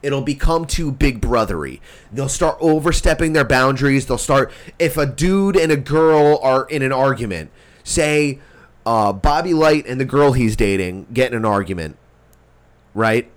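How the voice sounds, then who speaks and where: A man's voice: medium pitch, lively intonation, moderate pace. A man co-hosting a podcast, arguing heatedly in a comedic debate, cursing and interrupting into a studio mic. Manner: profane, interrupting, repeats himself. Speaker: podcast co-host. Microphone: studio microphone.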